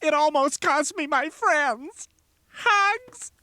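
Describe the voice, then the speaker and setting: Roger, a shrill gray alien. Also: male voice, expressive, slow, pushed and bright, no echo, heavily acted. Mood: haughty. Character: flamboyant scheming gray male alien. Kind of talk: animated sitcom clip.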